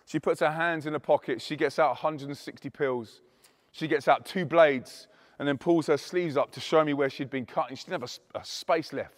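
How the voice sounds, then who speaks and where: A man's voice: a little high, fairly quick, in a large hall. A Christian youth speaker, a man, telling an emphatic testimony story to an audience and acting out the dialogue. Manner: animated, emphatic, acts out quoted dialogue.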